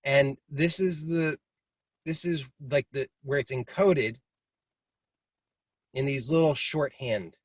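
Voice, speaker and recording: A man's voice: mid-range voice, slow, long pauses, dry recording. Guy teaching over a dull muffled call, dry sound, loose and rambly. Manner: relaxed and rambling, acts out inner voices. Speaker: meditation teacher. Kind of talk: casual spoken teaching. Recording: dry, slightly muffled video call audio.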